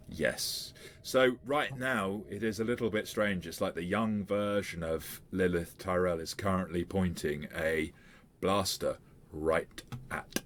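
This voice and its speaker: A man's voice: deep voice, a bit bright, slight background noise. A man running a tabletop game as game master, talking things through with frequent fillers. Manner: hesitant, with fillers and restarts.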